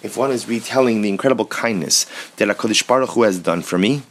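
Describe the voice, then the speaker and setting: Man, Torah teacher, lowish voice, slow readings, English explanations. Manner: reads Hebrew passages slowly, then explains in English.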